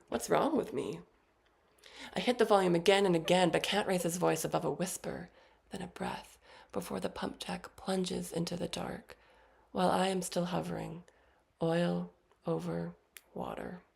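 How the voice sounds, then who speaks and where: A woman in her thirties giving a poetry reading, with short spoken introductions between poems and a measured, deliberate delivery. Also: on the low side, creaky, darkish tone. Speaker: featured poet.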